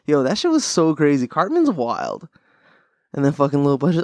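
Young dude podcast host, kinda high voice, swears a lot, rambles and laughs, dry room. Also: male voice, huge pitch swings, normal speed, no echo. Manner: profane, rambling, laughs often. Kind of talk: casual chat.

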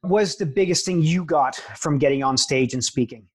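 Enthusiastic male podcast host, fairly high voice. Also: moderate pace, breathy edge. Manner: enthusiastic, encouraging, rambling questions. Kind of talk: casual interview chat.

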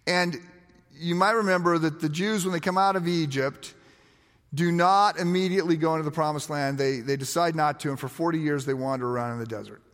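A man preaching a sermon, telling stories with lively quoted voices and frequent word repeats. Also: fairly high pitch, a little fast. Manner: storytelling, animated, repeats words when quoting others. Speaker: pastor. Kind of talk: sermon with told anecdotes. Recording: long reverb of a large hall.

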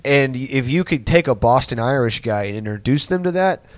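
A man's voice: mid-range voice, animated, a little fast, no room sound. A young man hosting a podcast, telling a story in a rambling, profane way with lots of filler words. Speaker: podcast host. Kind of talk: casual storytelling.

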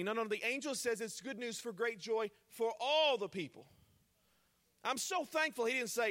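High-voiced pastor preaching casually. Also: male voice, animated. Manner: casual, conversational preaching with joking asides; reads scripture slowly and softly. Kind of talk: sermon. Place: church service before a live congregation.

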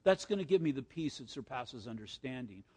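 A man's voice: medium pitch, big pitch swings, a little fast, dark tone, slightly rough. Older male pastor, echoey sanctuary. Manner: earnest, conversational preaching with personal stories. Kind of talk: sermon. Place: church sanctuary. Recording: echoey church hall reverb.

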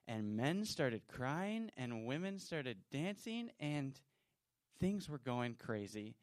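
Slow, dramatic male Bible storyteller. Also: fairly low pitch, no room sound. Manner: dramatic, swelling with emotion. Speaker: storyteller in children's church.

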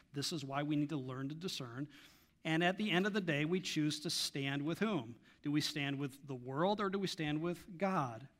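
A middle-aged male pastor delivers a sermon with a bright, forceful voice pitched a little above most men. He preaches emphatically, swelling on key lines and sinking to quiet, personal asides.

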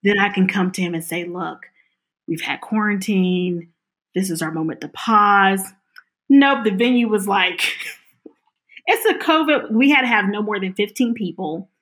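A middle-aged woman's medium-pitched voice runs a little slow as she tells her personal story in an interview. She stays animated, acting out what the people she quotes said.

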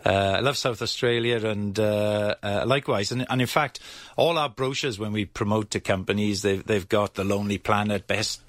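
A man's voice: on the low side, steady tone, normal speed, hardly any pauses, fairly bright tone, dry recording. A middle-aged man with a Welsh accent, speaking as a guest in a radio interview, hesitant and full of fillers. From Wales. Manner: hesitant, many fillers and restarts. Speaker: agency chief executive, guest.

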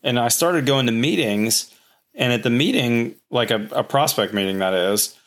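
Appearing as a guest on a podcast, a man tells long, casual stories about his building business. He rambles animatedly and acts out quotes, speaking at a medium pitch and normal speed.

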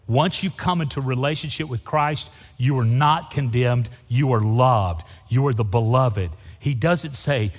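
A man's voice: medium pitch, unhurried, hardly any pauses, big-room sound. A man preaching a sermon as pastor, emphatic and repeating key phrases for effect.

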